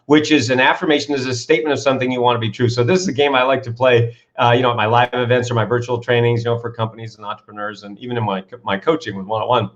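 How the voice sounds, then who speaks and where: A man's voice: mid-range voice, very fast, few pauses. Enthusiastic man on a lo-fi call. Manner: enthusiastic, builds to excited peaks, asks rhetorical questions. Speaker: author and coach, interview guest. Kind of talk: animated interview storytelling.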